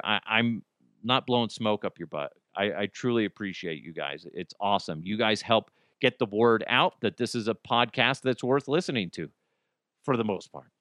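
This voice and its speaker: Crude jokes and mocking voices fill this casual solo rant from a podcast host. His voice sits on the low side with a fairly bright, clean tone, recorded in a clean studio without echo.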